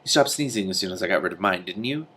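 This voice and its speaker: A man's voice: low-pitched, animated, fast, sharp tone, slight background noise. A man reading aloud, voicing a polite, amused, verbose male magician. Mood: courteous.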